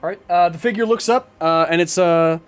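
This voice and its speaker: A man's voice: high-pitched, fairly quick. A man narrating as game master of a tabletop game, hesitant with many fillers.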